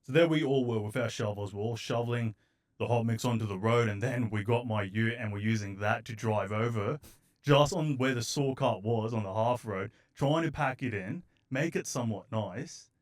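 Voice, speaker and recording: A man's voice: mid-range voice, moderate pace. A man, a guest podcast host chatting easily and sharing his own story from a building site. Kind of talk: casual podcast interview.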